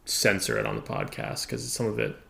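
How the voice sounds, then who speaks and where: A man's voice: very deep voice, very animated, a little fast, vocal fry, fairly bright tone. A man hosting a casual podcast interview, talking loosely and meandering as he thinks aloud. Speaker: podcast host.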